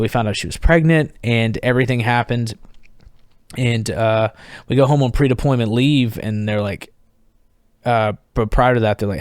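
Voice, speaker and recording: A man in his thirties, a veteran guest on a podcast, telling his story casually and candidly, swearing freely and acting out what others shouted. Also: mid-range voice, clean tone, dry recording, studio quality.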